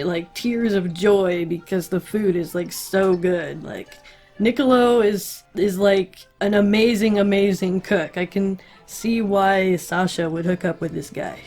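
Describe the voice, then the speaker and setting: A woman's voice: on the low side, steady tone, slow pace, a little mellow, soft background music. A woman recapping an anime episode in casual narration, chatty and sarcastic, leaning on lots of "like" fillers.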